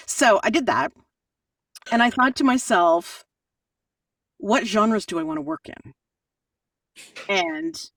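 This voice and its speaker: A woman audiobook narrator answering interview questions in a chatty, animated way, often laughing. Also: medium pitch, no room sound, far from the mic.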